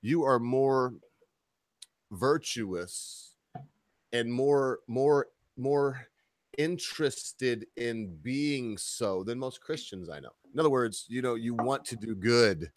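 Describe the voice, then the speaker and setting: A man hosting a casual livestream chat, rambling and laughing often, sometimes getting loud and excited. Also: medium pitch, slow, dry recording, studio quality. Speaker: host.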